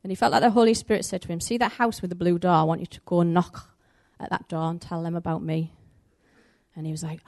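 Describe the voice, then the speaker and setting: Woman preacher, conversational church talk that slips into acting out the people in her story. Medium pitch, lively and chatty. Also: quick pace. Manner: animated, conversational, acts out the story's voices. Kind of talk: sermon with storytelling.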